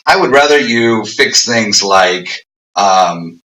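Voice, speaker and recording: Bright-voiced middle-aged man, echoey room. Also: on the low side, slow, recorded from a distance. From United States. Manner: animated, acts out quoted exchanges. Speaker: English teacher guest. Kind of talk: casual conversational advice.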